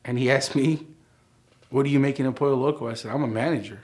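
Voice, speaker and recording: A man's voice: mid-range voice, steady tone, fast talker, a little mellow. A middle-aged man telling his life story as a church testimony, acting out the dialogue as he goes. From United States.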